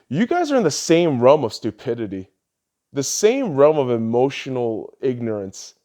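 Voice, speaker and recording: A man hosting a podcast, ranting heatedly and swearing often, his voice lurching between loud outbursts and low mutters. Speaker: podcast host. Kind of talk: ranting political commentary.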